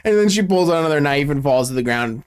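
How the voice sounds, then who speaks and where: A man recaps a film in a loose, sarcastic vlog style, swearing freely as he goes. His voice sits a touch high for a man and swings widely up and down as he tells it. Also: fast, smooth. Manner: sarcastic, profane, animated storytelling. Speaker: YouTuber reviewing a film. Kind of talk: casual movie recap and review.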